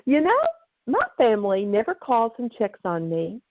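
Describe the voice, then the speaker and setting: A woman's voice: fairly high pitch, very animated, moderate pace, no echo, pitched above the performer's own voice. A woman voicing a bewildered elderly mother with dementia on a dull, dry recording. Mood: plaintive. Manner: plaintive, bewildered.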